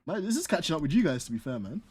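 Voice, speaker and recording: A man's voice: a little high, very animated, racing, a little mellow, breathy edge. A young man from North London with a London accent, bantering casually while sim racing, slangy and often laughing.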